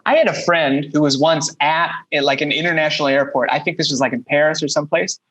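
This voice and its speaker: Easygoing podcast cohost guy, bright tense-ish voice, kinda high. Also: fast talker, low-quality recording. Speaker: podcast host. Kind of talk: casual chat.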